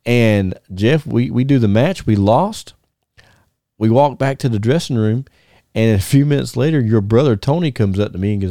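A gravelly, mellow-voiced man, a former wrestler spinning stories on a podcast. He laughs often and stumbles through restarts as he talks. The recording is dry and close. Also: medium pitch, moderate pace, no room sound. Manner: animated, laughing storyteller with many restarts. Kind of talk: casual storytelling chat.

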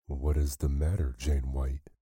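A man voicing a sharp-tongued, scornful village woman who speaks in a quivering, scolding way. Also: a bass voice, level tone, measured pace, husky, no room sound, clean studio sound, full character voice. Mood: alarmed.

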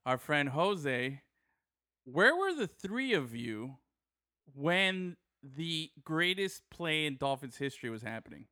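A man co-hosting a casual sports chat, telling a game story in an animated way and laughing often. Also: on the high side, takes it slowly, no echo, clean studio sound. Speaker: podcast co-host, sports photographer.

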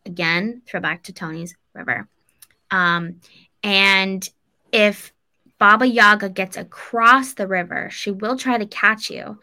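A woman's voice: medium pitch, fairly even intonation, slow, pushed and bright. A woman podcast co-host retelling a folk tale casually, rambling with "like" and "um" and swearing. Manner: rambling, loose, swears, lots of likes and ums. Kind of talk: casual storytelling chat.

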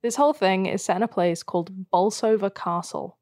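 A woman's voice: mid-range voice, brisk, darkish tone, dry recording, studio quality. A young woman co-hosting a true crime podcast, chatty and self-deprecating with frequent laughs. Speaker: podcast co-host. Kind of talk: casual chat.

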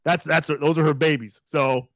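A man in his thirties co-hosting a podcast, telling a story in a casual, profane and animated way, laughing often. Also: a little high, moderate pace, dry recording. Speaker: podcast co-host.

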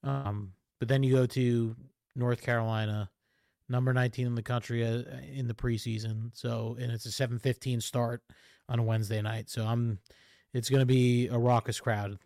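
A male podcast co-host in a casual sports chat, relaxed and rambling with fillers. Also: medium pitch, normal speed, no room sound. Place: home setup on a call. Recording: noisy call audio.

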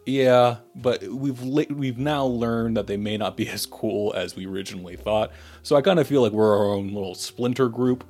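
A man's voice: mid-range voice, fairly even intonation, moderate pace, darkish tone. A man playing his character in a tabletop role-playing game, speaking in an earnest, diplomatic way. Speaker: player.

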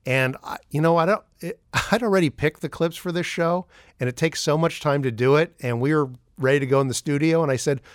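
A man's voice: mid-range voice, fairly quick, dry recording, studio quality. A man hosting a podcast, introducing clips in a rambling, casual way with many fillers. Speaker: podcast host.

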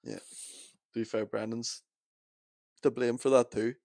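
A man's voice: medium pitch, flat delivery, slow, vocal fry, a little mellow. Young man telling stories, laughing. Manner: laughing storyteller, heavy swearing. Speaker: podcast co-host. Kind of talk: casual chat.

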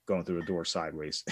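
A man co-hosting a casual podcast, telling profane, animated stories from his youth. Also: low-pitched, slight background noise. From Pittsburgh area. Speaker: podcast co-host. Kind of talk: casual storytelling chat.

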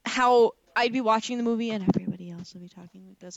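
A woman co-hosting a podcast in casual movie chat, chatty and animated, with playful indignation. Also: a little high, fast talker, vocal fry, few pauses, dry recording, muffled recording.

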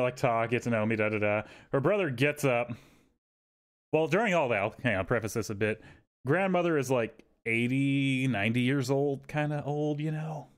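On a podcast, a co-host with a clear, resonant mid-range voice spins a rambling story full of swearing. It's casual storytelling chat, delivered animatedly, and he acts out the characters by quoting them in raised voices.

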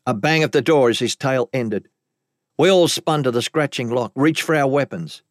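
A man narrating a story in the first person with dramatic, expressive delivery. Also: medium pitch, moderate pace, no room sound. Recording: dry close recording.

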